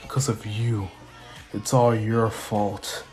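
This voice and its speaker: A man voicing a mysterious male attacker in a fan-made story, speaking in a low, threatening way. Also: flat delivery, slow pace, darkish tone, faint music behind. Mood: menacing.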